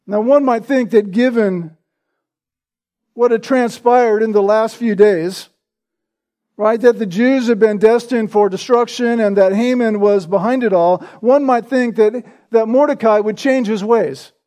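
A man preaching a sermon with a notably high, light voice. His tone is mellow and warm rather than bright. He tells his stories conversationally and keeps checking in with the congregation through rhetorical questions. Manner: conversational storytelling, asks the listeners rhetorical questions. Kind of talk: expository sermon.

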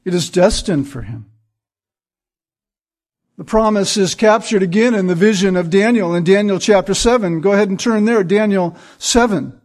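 A man's voice: sits high, normal speed, darkish tone. A man preaching a sermon, earnest and emphatic, building points through repetition. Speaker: pastor.

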